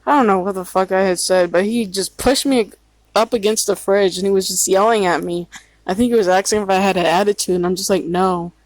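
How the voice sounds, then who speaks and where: Quiet-spoken woman with a dry voice. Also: medium pitch, fast talker, no echo, rough recording. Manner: quiet-spoken, swears freely, frequent fillers. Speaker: storyteller recounting her past. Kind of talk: casual storytime monologue.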